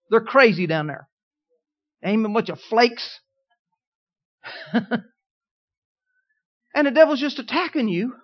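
A man preaching a sermon, telling a personal story in a folksy way, swinging from quiet asides to emphatic declarations. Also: very high-pitched, lo-fi sound. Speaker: pastor.

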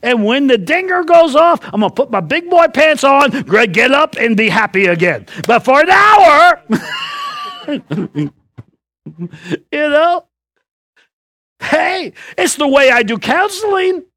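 A male preacher delivers a sermon in a lively, swooping voice, breaking into joking stories and loud outbursts. The sound is dry and close, with almost no room echo. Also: extremely high pitch, a little slow.

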